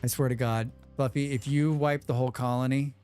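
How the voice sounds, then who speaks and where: A man hosting a live game stream, chatting quickly with viewers and thinking aloud as he plays. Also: medium pitch, steady tone, a little mellow, faint music behind. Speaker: livestream game host. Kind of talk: casual live gameplay commentary.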